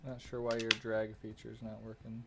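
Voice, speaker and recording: Low-voiced man running a tabletop game. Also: moderate pace, gravelly, over a noisy crowd. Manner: relaxed, joking, narrating monster moves. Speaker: game master.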